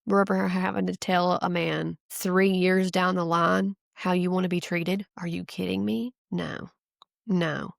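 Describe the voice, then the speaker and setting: A woman hosting her own podcast, chatting casually and reading out a listener's story, giggling easily and talking in an animated, lively way. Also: lowish voice, measured pace, gravelly, no echo, clean studio sound. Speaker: podcast host. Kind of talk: casual solo podcast chat.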